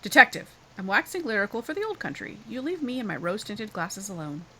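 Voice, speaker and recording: A woman's voice: medium pitch, big pitch swings, quick pace, sharp tone, a little hiss or hum. A woman reading the lines of a smug, nostalgic male sidekick in a game.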